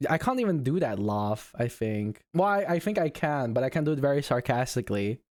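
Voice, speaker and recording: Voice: medium pitch, expressive, a little fast, no room sound, studio quality. A VTuber streamer chatting casually on a live stream, laughing a lot and swearing often. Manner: giggly, swears often, reacts out loud.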